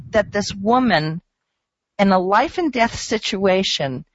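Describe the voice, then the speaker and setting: A woman talking in an animated, emphatic and incredulous way as a regular on a radio show. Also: medium pitch, slow, dry recording. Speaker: radio show regular who works with traders. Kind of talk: casual radio talk. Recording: dull, dry radio sound.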